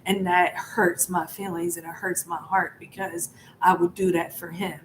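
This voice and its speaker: A woman's voice: on the low side, flat delivery, normal speed, a little hiss or hum, poor audio. A woman talking frankly to her viewers in a casual monologue, cursing often and using lots of fillers like "like" and "right?". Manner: frank and profane, with frequent fillers and laughs. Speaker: spiritual vlogger.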